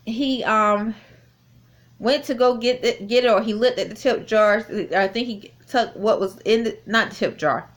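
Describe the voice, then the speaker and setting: A woman telling a personal story in a casual spoken testimony, rambling with many fillers and restarts, recorded indoors on a phone. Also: medium pitch. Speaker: vlogger recounting a personal experience.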